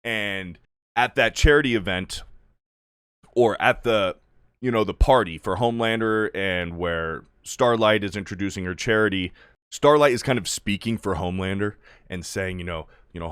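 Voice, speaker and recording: A man casually recapping TV episodes, rambling and swearing, leaning heavily on "like". His voice sits on the low side, and the recording is dry and close-miked. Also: moderate pace, fairly bright tone, clean tone, dry recording. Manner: rambling, profane, lots of "like". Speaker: video reviewer.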